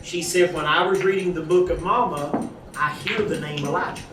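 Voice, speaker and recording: A man telling a folksy, animated testimony at a church gathering, acting out the voices in his story. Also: a little high, moderate pace. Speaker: church member giving a testimony. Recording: echoey room, distant mic, audience noise.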